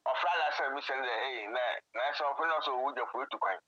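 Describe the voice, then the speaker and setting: A man with a Ghanaian accent in a casual chat, talking quickly and cutting in with remarks. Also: medium pitch, pushed and bright, breathy edge, no echo, dull audio.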